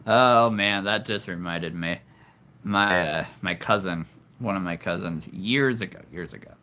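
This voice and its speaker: A man hosting a casual livestream, chatting with viewers, laughing often and jumping up in pitch when excited. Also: measured pace, pauses often. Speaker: livestream host. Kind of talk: casual livestream chat reading comments.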